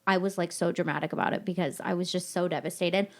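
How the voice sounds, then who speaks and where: A woman's voice: on the low side, quick pace. A woman hosting a casual chat, telling dramatic stories with lots of swearing. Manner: animated, dramatic storytelling, swears often. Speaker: podcast host.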